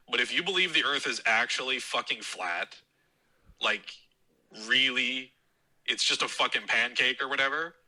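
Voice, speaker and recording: A man's voice: medium pitch, sharp tone, low-quality recording. A man leaving a voicemail, ranting about football and swearing constantly in a mocking, heated tone. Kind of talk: profane fan rant.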